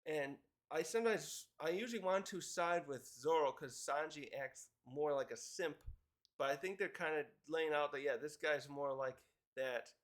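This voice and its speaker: A man's voice: on the high side, moderate pace. A man casually recapping a comic chapter, rambling with fillers and chuckles. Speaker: manga reviewer.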